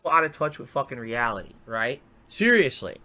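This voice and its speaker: A man's voice: fairly high pitch, animated, moderate pace, sharp tone. A male streamer in an angry, profane rant, exasperated and repeating himself.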